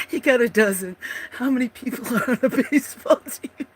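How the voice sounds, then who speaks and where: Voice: medium pitch, lively intonation, normal speed, breathy edge. A livestream host chatting casually while drawing at home, laughing often and trailing off mid-thought. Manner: giggly, laughs often, rambling.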